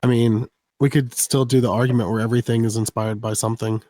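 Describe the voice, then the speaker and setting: A man's voice: mid-range voice, flat delivery, fast talker, mellow, no echo. A man from the US East Coast co-hosting a podcast, chatting casually, joking and laughing often as he rambles. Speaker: podcast co-host. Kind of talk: casual chat.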